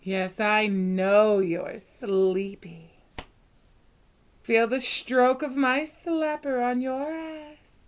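Very slow commanding woman, whispered role-play. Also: on the high side, steady tone, lo-fi sound, slight background noise. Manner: slow, soft, commanding, drawn-out hypnotic delivery. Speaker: hypnotist in a dominant role-play.

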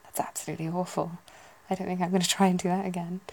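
A woman musing softly in a whispered ASMR chat, gently poking fun at herself. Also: on the low side, little pitch movement, fast, creaky, poor audio. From United Kingdom. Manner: soft, self-deprecating, musing aloud. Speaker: ASMR video host.

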